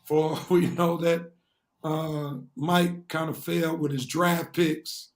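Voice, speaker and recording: A man's voice: on the high side, little pitch movement, slow. A man co-hosting a sports talk show, explaining his points at length and in earnest. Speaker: co-host.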